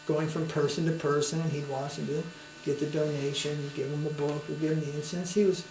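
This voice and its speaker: This man, a swami, speaks a little fast with a fairly high, slightly mellow voice and flat delivery. His spiritual lecture is anecdotal and conversational, with tag questions inviting the audience to follow along. Faint hum, roomy acoustics.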